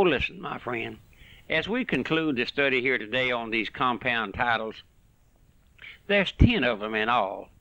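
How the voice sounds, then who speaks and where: A man preaches an impassioned radio sermon, pleading with his listeners, rising into loud bursts and dropping to hushed asides. His voice sits at a middle pitch. The recording is dry and dull, like an old lo-fi radio broadcast. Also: dry recording.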